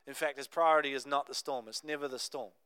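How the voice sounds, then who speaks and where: A young adult man preaching a sermon, telling a Bible story in a conversational, animated way with casual asides. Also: mid-range voice, fast talker, clear, resonant tone, no echo. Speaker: pastor.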